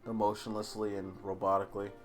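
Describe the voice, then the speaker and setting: Low-voiced man running a tabletop game. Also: fast, faint music behind. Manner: relaxed, loose narration with filler words. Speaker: game master.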